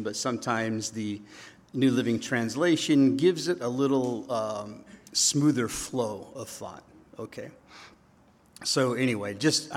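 Slow-talking pastor in an echoing church. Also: male voice, mid-range voice. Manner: chatty, joking, leans on tag questions. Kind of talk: sermon. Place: church sanctuary. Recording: long reverb of a church hall.

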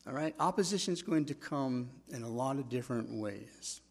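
A middle-aged pastor preaching a sermon in a husky, slightly breathy voice pitched in the usual male range. He speaks conversationally, moving between personal stories and acted-out quotes, and then reading scripture aloud. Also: moderate pace.

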